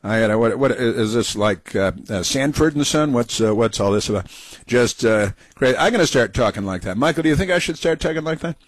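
A middle-aged man hosts an opinionated talk radio show. He jabs in sarcastic, scornful asides, and his voice sits at a middle pitch. The sound is dry and close, with no room around it. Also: animated, a little fast, slightly rough, dry recording, rough recording.

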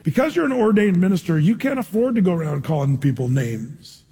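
A male pastor preaching a sermon in a conversational way, asking rhetorical questions and tossing in animated asides. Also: sits high, brisk, a little hiss or hum. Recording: long reverb in a large hall.

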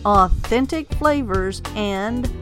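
A woman reading a scripted radio ad in a smooth, unhurried promo delivery. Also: medium pitch, lively intonation. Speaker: ad announcer. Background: music bed.

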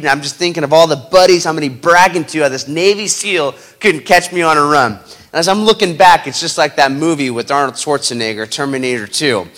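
Bright, forceful male storyteller. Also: fairly high pitch. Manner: animated, dramatic, building intensity. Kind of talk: motivational storytelling.

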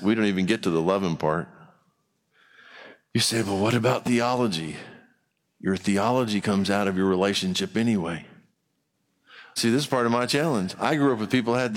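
A man's voice: on the low side, big-room sound. A man preaching a sermon in a church, talking to the congregation in a conversational way and acting out other people's voices. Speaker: pastor.

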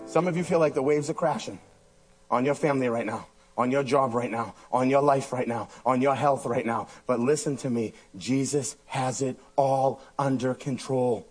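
A man preaching a sermon as pastor, impassioned and repetitive, swinging between loud urging and hushed intensity. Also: medium pitch, moderate pace, soft background music. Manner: repeats phrases for emphasis.

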